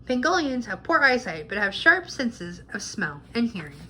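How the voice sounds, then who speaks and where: A woman reading a children's picture book aloud in a clear, cheerful way, sharing animal facts. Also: a little high, sing-song, moderate pace, sharp tone.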